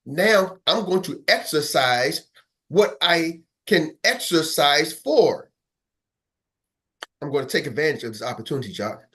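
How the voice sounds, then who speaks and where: Speaking in a high voice with a fairly bright tone, a man gives a fired-up motivational talk to his sales team on an online meeting. He's emphatic and preachy, repeats lines for punch, and talks straight to the live group, calling people by name.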